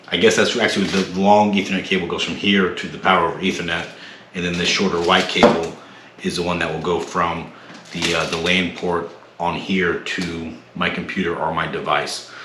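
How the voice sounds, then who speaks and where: Male tech host, deep voice, casual unboxing, echoey room with faint hiss. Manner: relaxed, many fillers and restarts. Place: home room.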